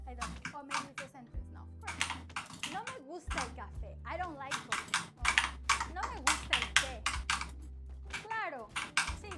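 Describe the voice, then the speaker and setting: A woman with a bright, high voice teaches everyday phrases. She says each one slowly, then repeats it in both languages. Loud music plays behind her the whole time. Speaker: Spanish teacher. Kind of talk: bilingual phrase lesson.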